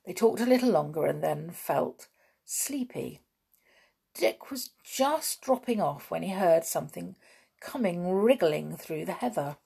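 A woman reads a children's storybook aloud at an unhurried pace, gently expressive. Her voice sits low, with a husky, gravelly fry running through it. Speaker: audiobook reader. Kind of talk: storybook narration.

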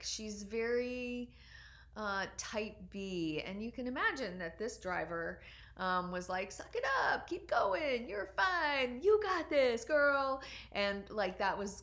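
A woman in her forties, a doctor, telling a personal story in an earnest, reflective way with frequent pauses and ums. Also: mid-range voice, fairly bright tone.

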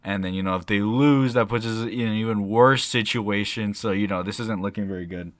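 A young man co-hosting a casual podcast, his voice sitting a little low and sounding dry and close. He rambles through stories, swears freely and gets excited in bursts. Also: fairly quick, no echo. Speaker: podcast co-host. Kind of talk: casual chat.

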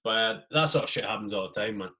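A man's voice: lowish voice, quick pace, sharp tone. A man and podcast host who tells army anecdotes in a casual, swearing way and acts out the voices of the people in them. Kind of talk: casual storytelling.

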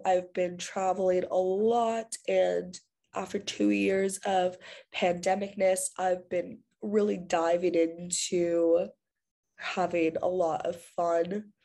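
Female podcast host with a cold, low gravelly mellow voice, chatty and self-deprecating, no real mic. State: has a cold. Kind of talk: casual solo podcast chat. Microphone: no proper microphone.

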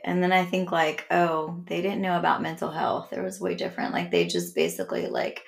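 Blunt, profane woman with a gravelly voice. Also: on the low side, expressive, a little fast, few pauses. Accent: New Orleans. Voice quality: blunt, profane, laughs often. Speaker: podcast co-host. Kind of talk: casual chat.

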